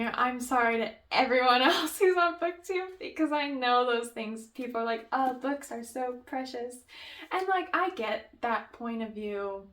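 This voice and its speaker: A woman's voice: medium pitch, a bit bright. Chatty young woman gushing about books. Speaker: book vlogger. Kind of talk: casual book review chat.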